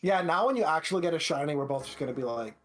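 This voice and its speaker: A man chatting casually on a group stream with a dry, low-key delivery and little inflection. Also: animated, racing.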